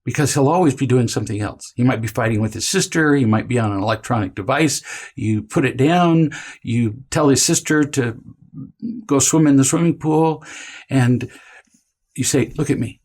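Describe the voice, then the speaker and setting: A man teaching parenting in a calm, deliberate coaching tone, drawing out key words for emphasis. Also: mid-range voice. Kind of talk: instructional talk to camera.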